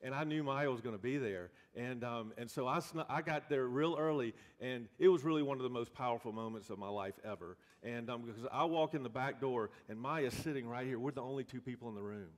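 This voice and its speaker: A man pastor telling a story in a sermon, in an animated, folksy way with many restarts. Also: medium pitch, a little fast, hardly any pauses. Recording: long reverb of a church hall.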